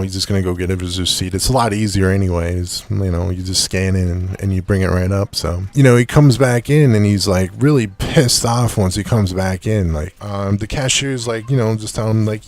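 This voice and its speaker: A man's voice: fairly low pitch, normal speed, hardly any pauses, a little mellow. A young man telling a story to camera in a laid-back, rambling way, full of "you know" and "dude". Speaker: vlogger.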